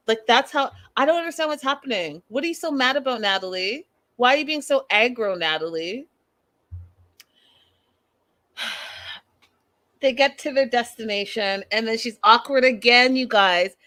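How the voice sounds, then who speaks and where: A woman hosting a casual reality-show recap, sassy and animated, acting out what people said. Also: fairly high pitch, moderate pace, pauses often, dry recording. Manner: animated, sassy, acts out quotes.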